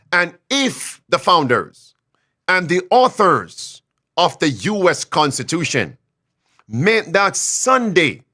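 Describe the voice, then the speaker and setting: A man preaching a sermon with emphasis, repeating phrases and swinging between loud declarations and quiet asides. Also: high-pitched.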